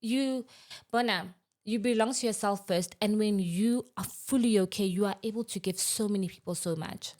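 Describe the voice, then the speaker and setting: A woman, talking heartfelt and animated as a podcast guest. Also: mid-range voice, normal speed. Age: 30s. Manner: animated, heartfelt, mixes in Sesotho phrases. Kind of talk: podcast interview.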